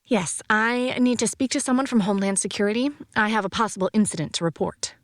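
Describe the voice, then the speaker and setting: A woman narrator voicing a nervous but determined young woman who speaks quietly and carefully. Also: mid-range voice, fast talker, no echo, studio quality, pitched above the performer's own voice, lightly acted.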